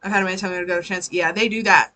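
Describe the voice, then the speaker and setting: Bright-voiced woman reading tarot live. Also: fairly low pitch, steady tone, racing, rough recording. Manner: chatty, swears freely, laughs often. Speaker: tarot reader.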